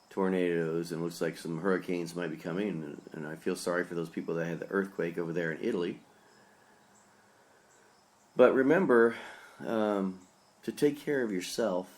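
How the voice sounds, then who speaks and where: A man's voice: low-pitched, darkish tone. A man, a pastor, giving a rambling, opinionated solo podcast commentary in a casual, earnest way.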